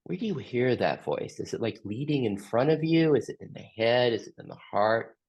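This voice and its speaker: A man facilitating a group session, gently asking slow, open questions. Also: mid-range voice, big pitch swings, gravelly, slightly rough. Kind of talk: guided group reflection.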